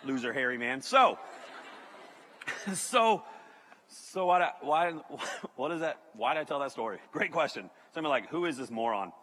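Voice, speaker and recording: A man's voice: fairly high pitch, a little slow, long pauses, in a large hall. A man preaching, telling a funny story and often checking in with "okay?". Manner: animated, keeps checking in with "okay?". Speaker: pastor. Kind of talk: comedic sermon storytelling.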